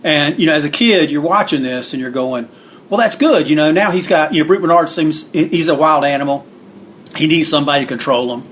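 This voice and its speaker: Man, interview guest, rambling storyteller, fairly high voice, light background noise; does others' voices by pitching up. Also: fast, fairly bright tone. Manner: rambling, acts out quotes with raised pitch. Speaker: interview guest, wrestling book author. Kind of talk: casual storytelling.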